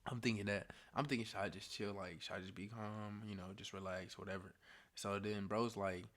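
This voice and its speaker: Young guy doing a storytime vlog, super animated, lots of slang, goes quiet then loud. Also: on the low side, fairly quick. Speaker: storytime vlogger. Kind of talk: casual storytelling.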